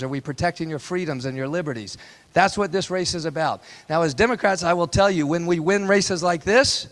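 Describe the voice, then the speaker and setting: A man in his forties giving a town hall campaign speech, telling a family story in a folksy, impassioned way with repeated rhetorical lines. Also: a little high. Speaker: political candidate. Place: town hall meeting room.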